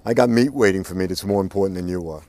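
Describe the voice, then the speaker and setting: A man doing a soft-spoken dangerous cook. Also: low voice, fast, no echo. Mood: curt. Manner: soft and quiet, curt.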